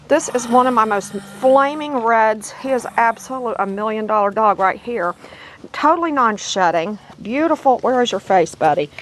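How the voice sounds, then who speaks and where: A woman's voice: medium pitch, slight background noise, poor audio. A middle-aged woman, a dog breeder, narrating a casual home video in a chatty, rambling, affectionate way. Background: puppies squealing and playing.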